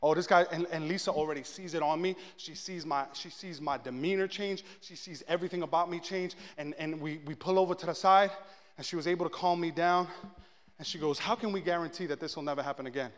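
High-voiced pastor preaching in an echoing hall. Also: male voice, fairly quick. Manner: animated, self-mocking storyteller who acts out his own shouting. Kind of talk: sermon with personal storytelling.

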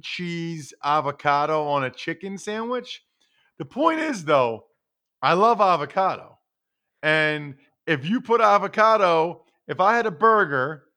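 A man's voice: high-pitched, sharp tone. A man co-hosting a sports show from home, rambling enthusiastically with lots of fillers. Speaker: football analyst co-host. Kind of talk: casual chat.

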